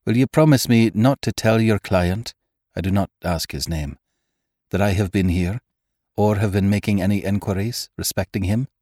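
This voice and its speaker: A man's voice: on the low side, moderate pace, a little mellow, no echo, clean studio sound, lightly acted. A man voicing an earnest, eager young man in an audiobook reading. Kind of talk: audiobook character voice.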